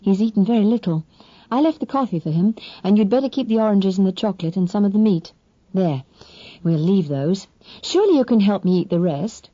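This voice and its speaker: A woman voicing a spirited young woman who speaks in a brisk, coaxing and firm way. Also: medium pitch, lively intonation, no room sound, muffled recording, natural voice. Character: spirited young Englishwoman, kind but firm.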